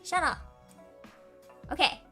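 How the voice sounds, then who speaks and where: A woman's voice: slow, pushed and bright. A young woman hosting a casual livestream Q&A, chatty and giggly, with lots of "like". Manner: giggly, chatty, says "like" a lot. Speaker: streamer hosting a Q&A. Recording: faint background music.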